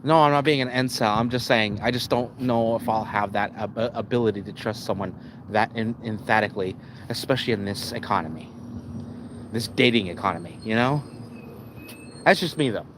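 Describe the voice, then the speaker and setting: A man giving rambling casual commentary on a live stream. He restarts often and keeps calling out to "ladies and gentlemen.". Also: fairly low pitch, brisk, background noise.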